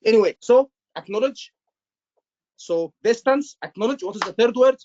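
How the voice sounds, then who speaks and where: Man, exam tutor, animated, repetitive, muffled lo-fi recording. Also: extremely high pitch, normal speed. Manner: animated, repetitive, acts out doctor lines. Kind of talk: live teaching session.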